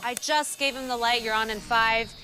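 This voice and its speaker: A woman playing a brisk assistant on a set in a promo clip. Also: a little high, fairly even intonation, bright, forceful tone, a little hiss or hum.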